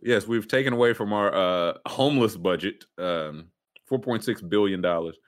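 A man's voice: fairly low pitch, normal speed. A man hosting a casual sports and news podcast, joking and riffing with his co-hosts. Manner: joking, riffs in bits. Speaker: podcast host. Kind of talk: casual chat.

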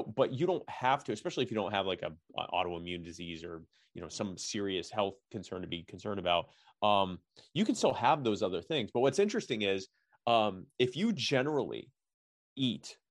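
A man's voice: fairly low pitch, dry recording, studio quality. A man talking in a casual podcast conversation, rambling with lots of fillers and restarts. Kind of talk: casual chat.

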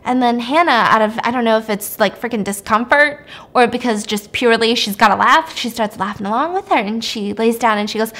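Woman podcast host, casual horror recap, animated, acts out quotes, fairly high voice. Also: fairly quick, hardly any pauses. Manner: animated, acts out quotes, drops to a hush for creepy parts. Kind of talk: casual film recap storytelling.

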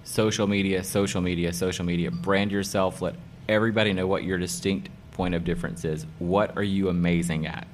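A middle-aged hairdresser and salon owner, guesting in a casual interview, talks about his work in a very low voice. Excited and emphatic, he repeats key phrases for effect, speaking a little fast with hardly any pauses over a faint background hum.

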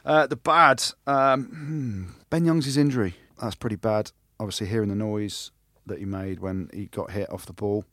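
A man co-hosts a casual sports podcast, chatty and animated. He restarts his sentences as he goes and jumps from point to point. He sounds close and dry, as if at a studio mic. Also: lowish voice, normal speed, few pauses, dry recording. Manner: animated, banter-heavy, often restarts sentences. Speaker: podcast co-host, rugby pundit. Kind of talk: casual chat.

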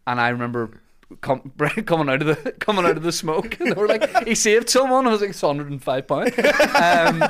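A man hosting a podcast, telling comic stories in a casual chat and shouting out the lines he quotes. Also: on the high side, animated, moderate pace, hardly any pauses, a little hiss or hum. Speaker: podcast host.

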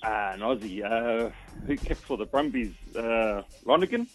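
A man calling in to a radio quiz, halting and unsure. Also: medium pitch, lively intonation, faint music behind. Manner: hesitant, slow and halting. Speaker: caller.

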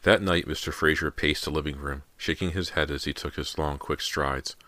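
A male audiobook narrator with an extremely deep yet bright, forward voice. He reads the story steadily, close and dry, with no room around him. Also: fairly even intonation, normal speed, dry recording. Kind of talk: scripted narration.

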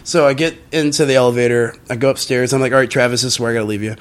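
Podcast guest, male, mid-pitch, loose and animated storyteller who swears a lot. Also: very fast. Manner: animated, swears often, many fillers; acts out quoted voices in a higher pitch. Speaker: podcast guest, band musician. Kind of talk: casual storytelling chat.

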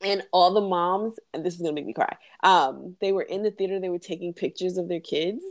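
A woman co-hosting a podcast in casual chat, an animated storyteller who laughs often. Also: on the low side, fairly quick, no room sound, clean studio sound. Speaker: podcast co-host.

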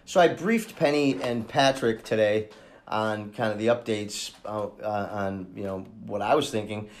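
A man hosting a true-crime podcast, thinking aloud in a halting way with many restarts as he talks through a case. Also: on the low side. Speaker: podcast host and case investigator.

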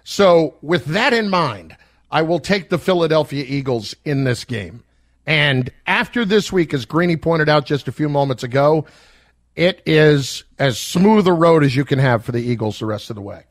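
A man's voice: on the high side, lively intonation, moderate pace, no echo, studio quality. Emphatic male sports analyst. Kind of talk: sports talk show.

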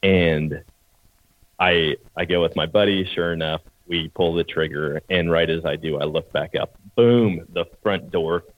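A man with a low, deep voice tells a hunting story in a relaxed, plain-spoken way. The sound is dry, with no room echo. It is a little muffled. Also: measured pace. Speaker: podcast co-host, hunter. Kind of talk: casual storytelling.

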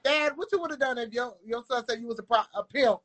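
A woman's voice: fairly high pitch, quick pace, fairly bright tone. A woman co-hosting a casual chat, playful and slangy, throwing out provoking questions. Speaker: co-host.

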